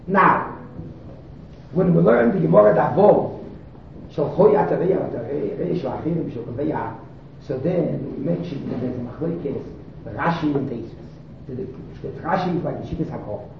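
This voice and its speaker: A man teaching Talmud, working through the text in short repeated phrases. His voice is a little high and rough with gravel. He sits well back from the mic in a very echoey room, and the recording sounds dull. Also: recorded from a distance, slight background noise. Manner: explains in short repeated phrases, restarting and emphasizing. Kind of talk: Talmud study lecture.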